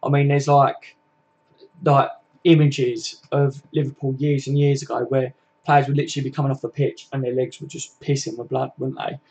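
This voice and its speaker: A man's voice: mid-range voice, level tone, normal speed, darkish tone, muffled recording. Slangy young southern English man. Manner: slangy, chatty, full of tag questions like innit. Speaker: football live-stream host. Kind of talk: casual live-stream chat reading viewer comments.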